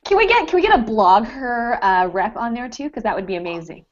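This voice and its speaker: A woman's voice: on the high side, expressive, fairly quick, dull audio. A woman appearing as a guest author on a live web show over a video call, upbeat and chatty, with frequent fillers. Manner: upbeat and bubbly, with fillers like "I mean" and "you know". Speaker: guest author and food blogger. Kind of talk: casual chat on a live-streamed video call.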